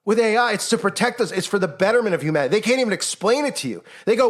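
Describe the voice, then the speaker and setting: A man's voice: high voice, expressive, very fast, few pauses. A man giving impassioned, sarcastic commentary and mimicking the people he mocks. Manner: fervent, sarcastic, mimics mocking voices. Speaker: online commentator.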